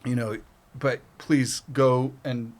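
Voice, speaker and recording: A middle-aged Canadian man, appearing as a guest, tells a casual story at a slow pace in a medium-pitched voice. His animated, profane retelling is full of swearing and acted-out quotes.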